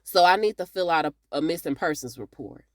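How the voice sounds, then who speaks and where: Animated low-voiced woman recapping TV. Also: brisk, dry recording, studio quality. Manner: animated and chatty, talks straight to viewers. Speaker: TV recap reviewer. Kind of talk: casual TV recap vlog.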